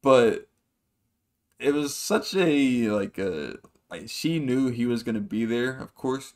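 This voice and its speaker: A man hosting a podcast, telling a long story in a rambling, profane way and acting out other people's lines. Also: on the low side. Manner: rambling, profane, acts out quotes with shifting voices. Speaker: podcast host. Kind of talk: casual storytelling monologue.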